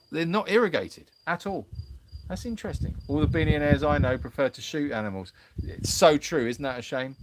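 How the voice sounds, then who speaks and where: A man's voice: fairly high pitch, slight background noise. A man hosting a live Q&A stream, worn out, reading viewers' comments aloud and bantering playfully with them in casual chat.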